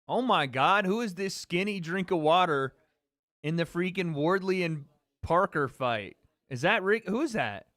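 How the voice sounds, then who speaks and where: This is a livestream host, a man whose high-pitched voice has lively intonation and a slightly slow pace. The tone is a bit bright, and the studio-quality recording has no room sound. Casual and chatty, he talks directly to chat, joking and repeating himself in reaction to fight chat.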